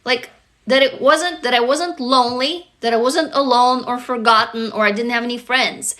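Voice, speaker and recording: A young woman with English as her second language talks straight to her livestream viewers in a confessional, heartfelt way. Her voice is bright and sits fairly high. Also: moderate pace. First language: not English. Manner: earnest, confessional, addresses viewers directly. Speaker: livestream host. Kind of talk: casual heartfelt livestream talk.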